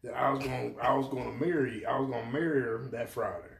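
Lively storytelling pastor, echoey room. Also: male voice, mid-range voice, quick pace, gravelly, crowd noise. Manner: animated storyteller acting out quoted voices. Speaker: pastor, podcast co-host. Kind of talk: casual storytelling chat.

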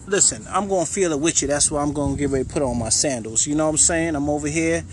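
Man, fitness and faith coach, guided affirmations, casual, repetitive, slightly high voice. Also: fast talker, background noise. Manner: encouraging, repetitive, says "you know what I'm saying" a lot; casual, conversational.

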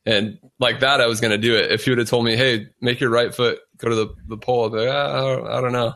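Flat-voiced male podcast host. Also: mid-range voice, fast talker. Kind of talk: podcast interview.

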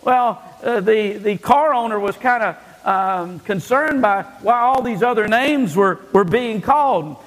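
A man's voice: high voice, lively intonation, measured pace, hardly any pauses, in a large hall, rough recording. A male pastor preaching a sermon emphatically, often restarting his phrases with stammered repeats.

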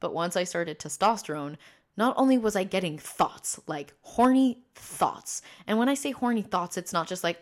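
A man's voice: lively intonation, normal speed. Young trans man, rambling podcast talk. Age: early 20s. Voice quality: voice sits fairly high from trained habit. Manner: rambling, tangent-prone, with frequent fillers and restarts. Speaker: podcast host. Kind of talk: personal podcast monologue.

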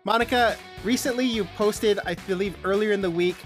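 A man's voice: sits high, fairly quick, music in the background. Joking male podcast co-host. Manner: joking, self-deprecating, laughs often. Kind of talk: casual chat.

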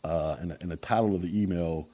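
A man's voice: low-pitched, fairly quick, warm tone. A man hosting a casual commentary podcast, talking bluntly in heavy slang, laughing often and answering chat comments. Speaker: podcast host.

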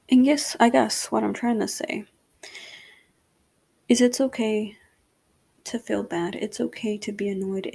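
A young woman talks through her own week in a casual solo podcast, rambling and candid, leaning on fillers and tag questions. Her voice carries a gravelly fry at a middle pitch. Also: a little mellow. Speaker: podcast host.

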